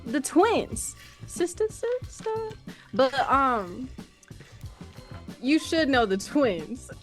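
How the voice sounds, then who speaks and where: A woman's voice: sits high, animated, drawn-out words, a bit bright. Woman, podcast co-host, casual chatty talk, faint music behind.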